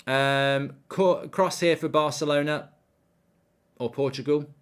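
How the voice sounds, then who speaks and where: A man's voice: fairly high pitch, fairly even intonation, slow. A man hosting a live football watchalong, ranting animatedly and swearing freely while telling an anecdote. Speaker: host.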